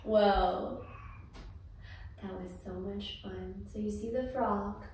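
A mother leading a toddler yoga class, talking gently in a sing-song way to a small child. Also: medium pitch, steady tone, takes it slowly, a little hiss or hum. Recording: echoey room, far from the mic.

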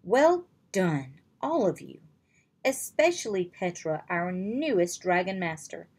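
A woman reading aloud, voicing a calm, wise man who mentors young dragon masters in a storybook. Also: on the low side, slow pace, breathy edge, full character voice. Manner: calm, reassuring instruction.

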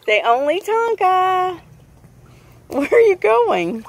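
Woman pet owner, high lively voice, coaxing and laughing at her dog poolside on a phone. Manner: coaxing, laughing, sing-song. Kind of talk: casual chat with her dog. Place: outdoor pool.

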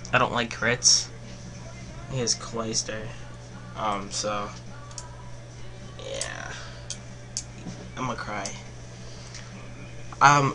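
A young man giving rambling live commentary on his own game, full of fillers, sliding between glum mutters and excited yells. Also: on the low side, vocal fry. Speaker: gaming commentator.

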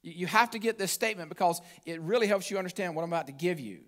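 A man's voice: high voice, very fast, fairly bright tone. A male pastor preaching a sermon in a church, talking casually to the congregation and often restarting his phrases. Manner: conversational preaching with repeated restarts. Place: church sanctuary.

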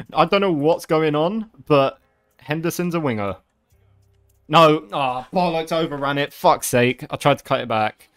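A young man giving live commentary over a football video game, swearing and reacting loudly. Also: on the high side, a little slow, clear, resonant tone, soft background music. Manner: excitable, swears often, shouts at big moments. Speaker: gaming video creator.

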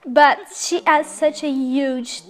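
A young woman of Korean native tongue, hosting a life-sim let's play with excitable, gushing commentary full of fillers. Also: high-pitched, slow, a crowd in the background. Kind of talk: casual gameplay commentary.

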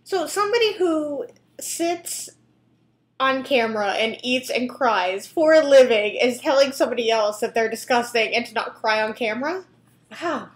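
A woman's voice: a little high, expressive, moderate pace, reverberant. A young woman hosting a reaction video, chatting casually with lots of fillers, restarts and giggles.

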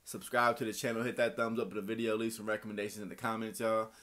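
A man with a mild Texan accent, hosting a reaction video in energetic casual talk, saying "y'all" constantly and hyping up the track. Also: fairly low pitch, quick pace. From Texas. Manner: energetic, says "y'all" constantly, chuckles often, hypes up the track. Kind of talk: hyped casual reaction commentary.

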